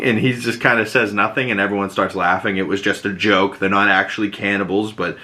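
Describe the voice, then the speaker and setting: A man hosting a podcast, recapping a TV episode in loose, profane casual talk and slipping into quick acted quotes of the characters. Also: lowish voice, fairly even intonation, sharp tone. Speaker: podcast host.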